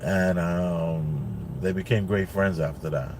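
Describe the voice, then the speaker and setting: A man's voice: low voice, slow pace, darkish tone, slight background noise. A father telling a family story in a casual, rambling way, full of like and you know, while sitting in a car. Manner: rambling, lots of like and you know, repeats himself. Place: inside a car.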